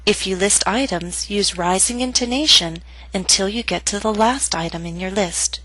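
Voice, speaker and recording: A woman teaching English pronunciation, reading lesson steps slowly and carefully and modeling each phrase. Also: mid-range voice, a bit bright, no echo, low-quality recording. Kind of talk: slow, careful lesson narration.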